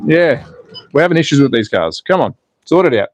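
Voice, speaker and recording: A man at home, excitedly calling slot car races on a live stream and casually chatting with viewers. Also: fairly high pitch, a little fast, slight background noise, poor audio. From Australia. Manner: excitable commentary, then relaxed chatting with viewers. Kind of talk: live race commentary and chat reading. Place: home in Austria.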